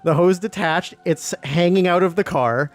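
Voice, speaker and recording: A man telling a long casual anecdote as a guest, full of fillers and quick retellings of what others said. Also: high voice. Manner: rambling anecdote with many fillers and acted quotes. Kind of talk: casual storytelling.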